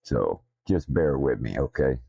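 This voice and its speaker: Deep gravelly Southern man, profane and blunt. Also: expressive, unhurried, warm tone. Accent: Southern US drawl. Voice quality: deep, slightly slurred from missing teeth. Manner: profane, blunt, self-deprecating. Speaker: streamer. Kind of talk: casual rambling stream talk. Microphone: desktop streaming mic.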